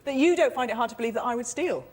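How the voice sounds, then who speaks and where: A woman's voice: on the high side, animated, racing, heavy background noise. A woman on a panel show, telling her story hesitantly with many fillers.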